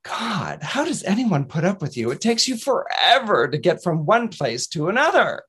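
A man's voice: sits high, sing-song, fairly bright tone, husky, heavily acted. A man doing a scornful, boastful hare. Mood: mocking. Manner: scornful, fast, incredulous. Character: mocking boastful male hare.

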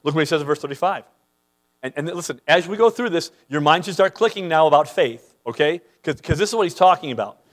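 A man preaching a sermon as pastor, emphatic, repeating words as he starts sentences and swinging between loud and quiet. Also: a little high, expressive, fast.

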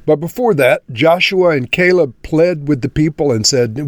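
A man's voice: on the high side, moderate pace, no room sound. Guy teaching a bible chapter, earnest, calls everyone friends, dry close sound. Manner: earnest, addresses listeners as friends. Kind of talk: devotional Bible teaching ending in prayer.

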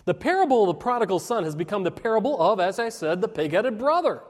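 Pastor, male, high voice, earnest sermon delivery, long hall reverb. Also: sing-song. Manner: earnest preaching with emphatic rises and slowed, dropping phrases.

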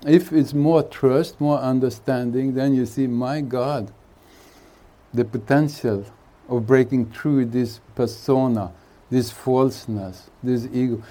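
In a retreat hall, a man speaking as a spiritual teacher gives an unhurried satsang talk, joking and chuckling between his thoughts. His voice is medium-pitched, steady and warm.

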